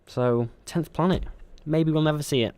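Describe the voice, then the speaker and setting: A man's voice: on the high side, moderate pace, a little mellow, dry recording. A young man co-hosting a podcast in casual chat, rambling with frequent ums and restarts. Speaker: podcast co-host.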